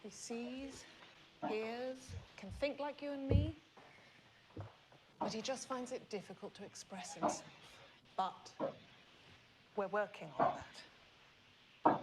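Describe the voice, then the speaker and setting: An actress playing a cheerful, coaxing care worker who introduces a volunteer to a resident. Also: female voice, on the high side, slow pace, long pauses. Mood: reassuring. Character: brisk kindly woman care worker. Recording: noisy film soundtrack.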